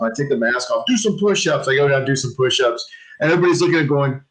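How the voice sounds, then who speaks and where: Lively male storyteller. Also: medium pitch, fast, low-quality recording. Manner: animated, acts out voices in anecdotes. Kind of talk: casual storytelling chat.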